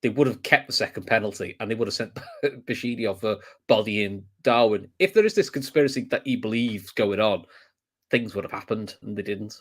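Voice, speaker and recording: A man's voice: lowish voice, fairly quick. A man co-hosting a casual football reaction show, ranting about the referee and swearing freely. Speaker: podcast co-host. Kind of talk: casual match-reaction chat.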